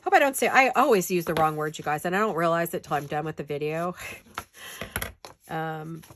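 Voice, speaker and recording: A woman's voice: low-pitched, brisk, noisy background. A woman with a stuffed-up nose from a head cold gives a chatty, rambling, self-deprecating paper-craft tutorial in her home studio.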